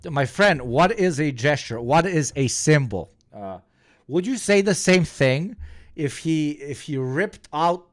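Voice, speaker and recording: A man riffing on a live stream in a sarcastic, profane way, often breaking into laughter. His voice sits a little high and moves a lot. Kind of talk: casual live-stream commentary.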